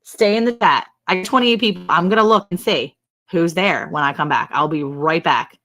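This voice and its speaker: A woman's voice: lowish voice, moderate pace, fairly bright tone. Chatty woman hosting a ranch livestream. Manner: chatty, laughing often, greets viewers by name. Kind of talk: casual livestream chat.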